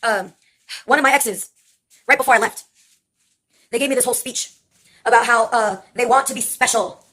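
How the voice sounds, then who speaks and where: A young woman in her twenties tells personal stories in a casual vlog. She rambles with a dry, wry tone and pauses on many fillers. Her voice sits on the higher side. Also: fairly bright tone. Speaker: vlogger. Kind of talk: casual storytelling monologue.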